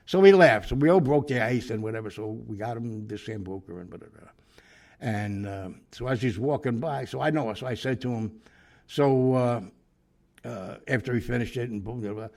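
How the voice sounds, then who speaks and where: Male storyteller, low and gravelly, loose and rambling, keeps correcting himself mid-anecdote. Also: animated, moderate pace, darkish tone. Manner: rambling, full of asides and self-corrections. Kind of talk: casual anecdote.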